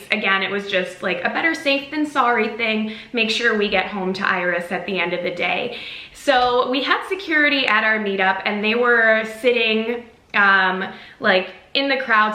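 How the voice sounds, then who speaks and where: Bright chatty young woman vlogger. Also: medium pitch. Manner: chatty, full of "like" and "um". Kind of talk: storytime vlog. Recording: roomy echo.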